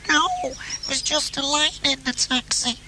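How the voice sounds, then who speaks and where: A man voicing a small, timid puppet sidekick in a squeaky, simple put-on voice. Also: flat delivery, moderate pace, noisy background. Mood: meek. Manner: squeaky put-on voice, meek and plain.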